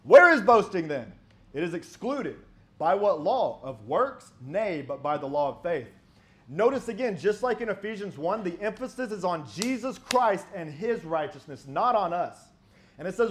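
A man's voice: high-pitched, big pitch swings, moderate pace. A man preaching a sermon, arguing emphatically with rhetorical questions and reading old-style scripture aloud.

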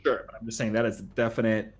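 A man's voice: level tone, fast, slightly rough. Joking man co-hosting a game stream. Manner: joking, pitches ideas, reads chat aloud. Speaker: streamer co-host. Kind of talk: casual live-stream chat over gameplay.

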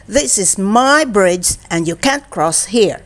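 A woman's voice: mid-range voice, animated, takes it slowly. A woman voicing a selfish, bossy young female dinosaur in a children's storybook read-aloud. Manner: possessive, stubborn, shouting demands.

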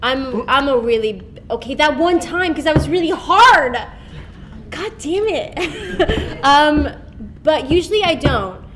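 A young actress chatting and giggling through a convention panel Q&A, with lots of fillers. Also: female voice, sits high, expressive, moderate pace, fairly bright tone. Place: convention hall.

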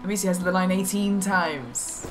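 A woman's voice: lowish voice, moderate pace, music in the background. A woman helping a friend through a game on a live stream, teasing her, greeting viewers and giving tips. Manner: playful, teasing, greets chat and gives tips. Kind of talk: casual live-stream chat.

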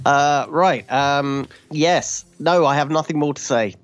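A man's voice: on the high side, slow, lo-fi sound, soft background music. A man, a guest trader on a podcast, talking casually in a reflective, self-deprecating way. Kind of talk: casual chat.

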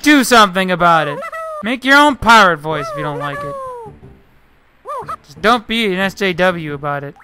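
A man's voice: sits high, wildly swooping pitch, moderate pace, pauses often, over music. A man giving casual let's-play commentary, chatting away, scolding the game characters and swearing mildly. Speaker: gameplay commentator.

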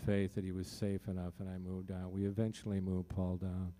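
Low-voiced man telling a heartfelt story. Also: level tone, a little fast, dark tone. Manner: loose, heartfelt storytelling with many fillers and restarts. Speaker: singer-songwriter performing in concert. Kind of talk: personal story told to a live audience.

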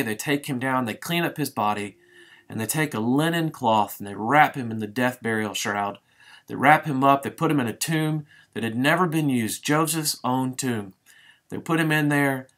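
A middle-aged man, a pastor, giving a devotional sermon as a vivid, dramatic retelling that slows down for emphasis. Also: mid-range voice, a bit bright.

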